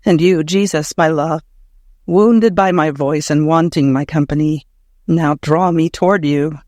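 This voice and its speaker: Male narrator with a high voice for a devotional audiobook, prayerful and emotional. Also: steady tone, measured pace, darkish tone, no room sound, studio quality.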